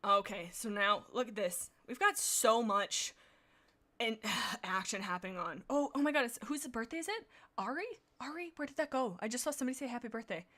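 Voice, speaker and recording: A woman's voice: a little high, fairly quick, pushed and bright. A woman hosting a livestream, chatting casually and reading aloud with bubbly, rambling asides. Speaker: livestream host.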